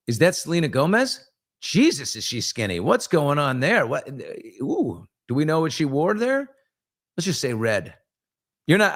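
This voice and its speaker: A man hosting a casual morning chat show, gossiping about celebrities in a chatty, loose way. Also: on the high side. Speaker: host.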